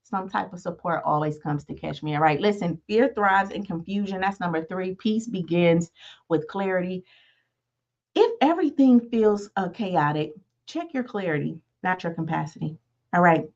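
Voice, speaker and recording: A woman's voice: lowish voice, lively intonation, normal speed, a little mellow. Conversational woman in her thirties, muffled. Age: 30s. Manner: conversational, repeats "right?" to the listener. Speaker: podcast host. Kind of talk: motivational talk.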